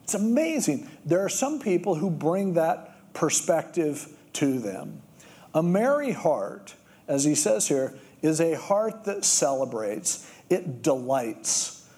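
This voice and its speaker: A middle-aged male pastor preaching in a conversational, storytelling way. His voice is mellow and a little higher than most men's, and it swings widely in pitch as he slips into other people's voices. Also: very animated, takes it slowly. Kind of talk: sermon.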